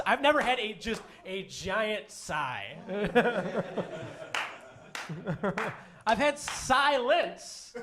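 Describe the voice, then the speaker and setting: High, lively-voiced stand-up comedian man. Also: noisy background. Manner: self-deprecating, halting with fillers and restarts. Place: comedy stage before a live audience.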